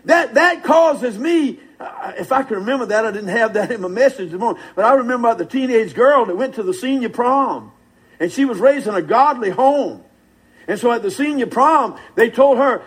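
An older preacher with a strikingly high, husky voice. He preaches with folksy fervor and keeps calling out to his listeners for a response. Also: animated, moderate pace, rough recording. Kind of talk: sermon.

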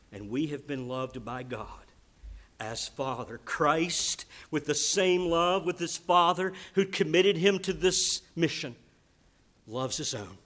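Earnest preacher with emphatic swells. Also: male voice, on the high side. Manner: earnest, emphatic preaching with swings from soft to loud. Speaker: pastor. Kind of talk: sermon.

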